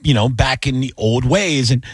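Husky-voiced man in casual chat. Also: medium pitch, normal speed, no room sound, studio quality. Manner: animated storytelling with voices. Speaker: comedian, podcast co-host.

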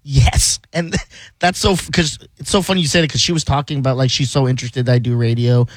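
A man's voice: medium pitch, fairly even intonation, brisk, no echo. A man hosting a radio show in casual studio chat, telling a rambling story with frequent laughs and repeated words.

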